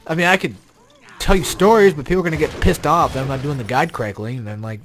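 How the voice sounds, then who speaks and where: Over a little hiss or hum, a young man narrates gameplay fast in a somewhat high, slightly bright voice, rambling and casual. He's sleepy, keeps yawning, swears often, gets exasperated, and there's an odd robotic glitch on his voice.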